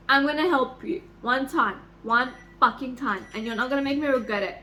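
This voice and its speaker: High, bright-voiced young woman gushing over a book. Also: normal speed. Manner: gushing and excitable, swings into high squeals and swearing. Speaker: book vlogger. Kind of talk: emotional reading vlog, reading passages aloud. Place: home, near a microwave.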